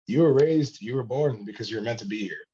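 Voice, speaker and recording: A man's voice: medium pitch, a little fast, mellow, breathy edge. A man hosting a casual talk show who speaks in an encouraging, emphatic way. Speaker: host. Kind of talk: casual chat. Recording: slightly muffled lo-fi sound.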